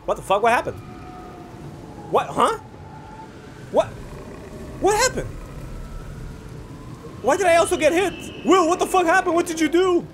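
A man giving casual let's-play commentary while he games, excitable, profane and often exasperated. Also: extremely high pitch, unhurried, pauses often, a little hiss or hum. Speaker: gaming video host.

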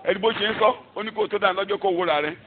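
A man's voice: high voice, fairly even intonation, rapid-fire, narrow, tinny audio, slight background noise. A man from Nigeria with a Nigerian accent preaching a sermon in a fervent way, repeating words for emphasis. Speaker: pastor. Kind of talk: sermon in Yoruba with English phrases.

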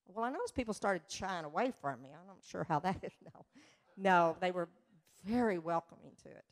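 A woman telling a story in a church sermon, slow and earnest, swelling with emotion at times. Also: lowish voice, expressive. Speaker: church speaker. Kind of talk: testimony sermon.

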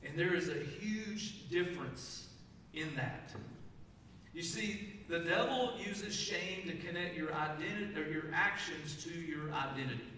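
Male pastor, bright and high, conversational sermon, recorded from a distance in an echoey sanctuary with faint room noise. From Texas. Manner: conversational preaching, asks the congregation questions. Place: church sanctuary. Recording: echoey church hall, mic from a distance.

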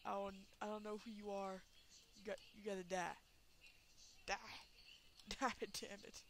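A woman giving let's play commentary, excitable, laughing and shrieking, cursing at the game. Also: mid-range voice, unhurried, pauses often, slight background noise. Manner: swears and exclaims at the game. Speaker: gameplay commentator.

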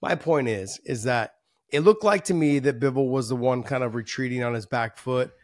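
A man's voice: mid-range voice, moderate pace, dry recording, studio quality. A man co-hosting a casual sports podcast, talking through fights in a chatty, analytical way. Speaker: podcast co-host.

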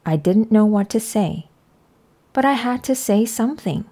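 A woman reading a children's picture book aloud with slow, careful storytelling. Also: a little high, animated, dark tone. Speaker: read-aloud narrator.

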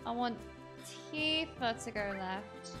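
Excitable high-voiced woman gaming. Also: takes it slowly, music in the background. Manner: excitable, gushing, reacts aloud to the game. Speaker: gaming streamer. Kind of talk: excited let's-play commentary.

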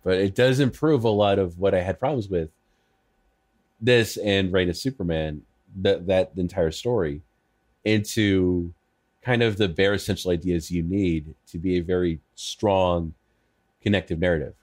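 Low-voiced man chatting casually. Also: normal speed, darkish tone. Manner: chatty, stammering restarts. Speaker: podcast guest. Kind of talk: casual podcast chat.

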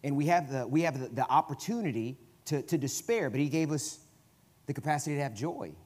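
Speaking a little fast in a mid-range voice, a guest preacher with a Southern US accent gives a chatty sermon in a church sanctuary. He shifts between soft asides and loud, emphatic bursts.

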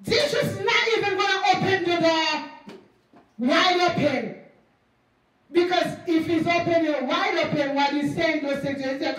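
High-voiced woman preaching in echoing hall. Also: moderate pace. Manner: animated, acts out dialogues, repeats phrases for emphasis. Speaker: pastor. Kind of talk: preaching a sermon. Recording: very echoey hall, voice from far off.

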